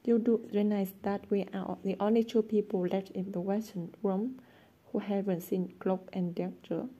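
A woman's voice: medium pitch, fairly even intonation, normal speed, dark tone, breathy edge, lo-fi sound, close to an everyday voice. A woman voicing a good-natured but easily exasperated teenage boy in a storybook reading, teasing and indignant.

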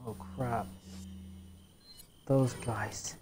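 Woman, low voice, let's play commentary, swears a lot, easily exasperated, faint hiss. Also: fairly even intonation, very slow, darkish tone. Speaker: gamer.

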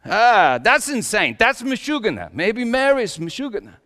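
A man's voice: high-pitched, sing-song, moderate pace, sharp tone, exaggerated voice. A man, a pastor, playing a wry and exasperated Joseph the carpenter in a joking, self-mocking first-person sermon monologue with big emphatic swings. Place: church sanctuary. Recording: long reverb of a church hall.

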